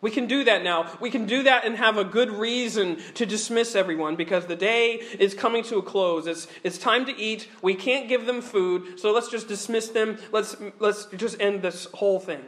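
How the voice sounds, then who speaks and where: Male preacher with a high voice, animated and earnest, stumbles over and repeats words, sermon delivery. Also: normal speed, few pauses.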